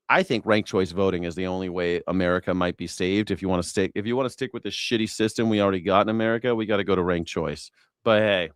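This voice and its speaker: A man's voice: fairly low pitch, no room sound, clean studio sound. A man hosting a news reaction stream, talking casually and sarcastically over clips, swearing freely.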